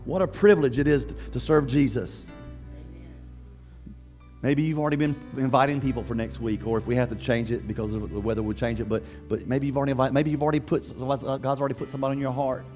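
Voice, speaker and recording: A man preaching a sermon as pastor, conversational and lively, laughing often and acting out quotes. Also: medium pitch, fast talker, faint music behind.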